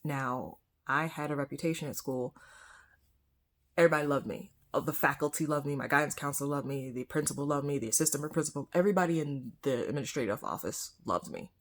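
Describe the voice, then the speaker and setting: Young woman, low husky voice, candid conversational vlog storyteller. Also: fast. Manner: candid, conversational, frequent soft whispered asides. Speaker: vlogger. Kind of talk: personal storytime.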